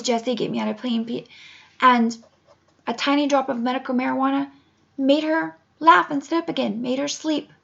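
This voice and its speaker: Earnest gravelly woman, lo-fi recording. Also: medium pitch. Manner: emotional, earnest, holding back tears. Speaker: patient advocate. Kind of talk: personal testimony to camera. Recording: dull lo-fi home recording.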